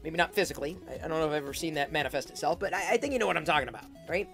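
A woman with a fairly low voice talks with intensity and volume, projecting easily. She stumbles over repeated words as she pushes her point forward. Soft music plays faintly in the background. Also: expressive, very fast. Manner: intense, emphatic, repeats words when starting sentences; loud and projecting. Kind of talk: advice monologue.

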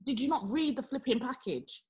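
Animated young woman telling a story. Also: high-pitched, a little fast, slightly rough, dull audio. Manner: animated, acts out quotes with exaggerated voices. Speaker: podcast co-host. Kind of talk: casual storytelling chat.

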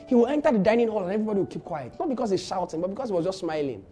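A man with a Nigerian accent preaching a sermon as a pastor, building to shouted lines and repeating phrases for emphasis. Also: high-pitched, very animated, racing, faint music behind.

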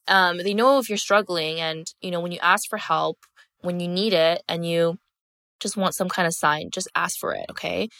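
A woman's voice: on the low side, a bit bright, no echo, studio quality. A young woman hosting her own podcast, telling a personal story in a candid, emphatic way, with lots of "like" and swearing. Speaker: podcast host. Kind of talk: casual storytelling monologue.

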